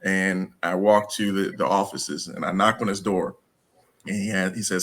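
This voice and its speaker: Brief: man, interview guest, lively anecdotes with acted-out voices; lowish pitch, bright tone. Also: normal speed. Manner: animated, acts out dialogue with laughs. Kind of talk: casual storytelling.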